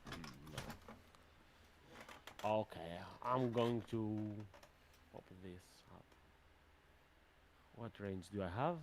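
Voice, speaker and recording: A man running a tabletop game as game master, thinking aloud in a plain, even way. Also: lowish voice, slow pace, pauses often, a little hiss or hum.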